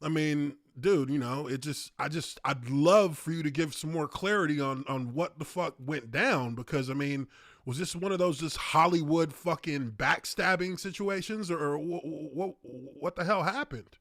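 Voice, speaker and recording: A man with a high, bright voice hosts a podcast in loose, casual chat. He tells his stories with animated, profane energy. The sound is dry and close, with no room in it. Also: normal speed, dry recording. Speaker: podcast host.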